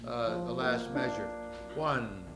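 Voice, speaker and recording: An older man directs a choir rehearsal, explaining the music and counting the singers in. His mid-range voice moves at a slow pace, echoing through the rehearsal room.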